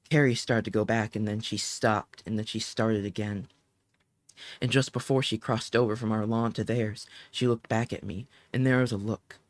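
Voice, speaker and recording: A man reading an audiobook aloud in an emotive, dramatic way, slowing down on the key phrases. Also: lowish voice, no echo. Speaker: audiobook narrator.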